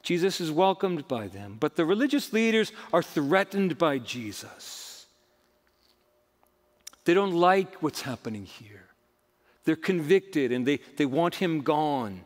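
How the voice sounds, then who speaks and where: A man's voice: on the high side, big pitch swings, slow, long reverb tail. A male pastor preaching a sermon with emphatic, rising and falling delivery. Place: church sanctuary.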